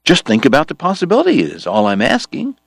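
A man voicing an earnest, smooth-talking male political organizer who talks eagerly and persuasively. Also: mid-range voice, wildly swooping pitch, fast talker, no echo, studio quality, voice pushed up, full character voice. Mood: coaxing. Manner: eager, persuasive, bright-toned.

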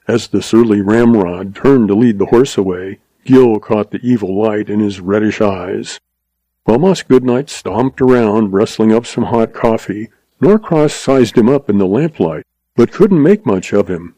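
A man giving steady, measured scripted narration of a western audiobook. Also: lowish voice, dry recording.

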